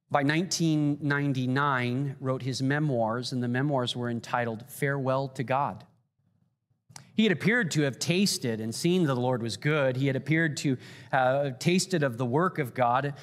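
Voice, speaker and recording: A man's voice: mid-range voice, in a large hall. A man preaching a sermon as a pastor, talking earnestly with frequent fillers and building intensity.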